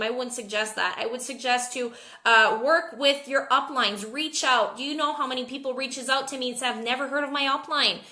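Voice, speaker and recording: A woman's voice: fairly high pitch, pushed and bright. Tired, chatty woman in an echoey room. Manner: casual, candid, repeats words while thinking. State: tired and jet-lagged. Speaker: network marketing team leader. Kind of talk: live video Q&A.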